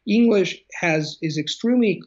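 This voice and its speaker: A man's voice: high voice, normal speed, muffled recording. A man who works as a language coach, speaking in an interview over a video call and explaining his ideas with many examples and restarts. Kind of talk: conversational interview.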